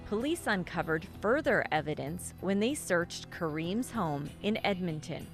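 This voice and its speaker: A woman giving scripted documentary narration in a steady, even delivery. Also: on the low side, unhurried. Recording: narration over background music.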